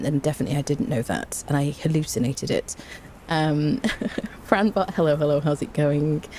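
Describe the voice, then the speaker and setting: Low-voiced chatty woman streamer. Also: dark tone, slight background noise. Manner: chatty, greets viewers by name, laughs often. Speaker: game streamer. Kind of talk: casual livestream chat.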